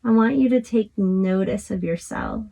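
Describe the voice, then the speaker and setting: A woman instructor gently guiding a stretching class, talking close to the camera from a small closet. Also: mid-range voice, measured pace, creaky. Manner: calm, encouraging cues with fillers. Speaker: fitness instructor.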